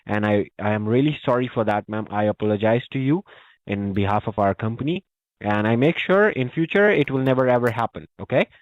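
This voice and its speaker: A man's voice: medium pitch, animated, a little fast, dry recording. Polite, apologetic man on a muffled line. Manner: overly polite, apologetic, keeps saying ma'am. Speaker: scam caller posing as tech support. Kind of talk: scripted support phone call. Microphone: phone.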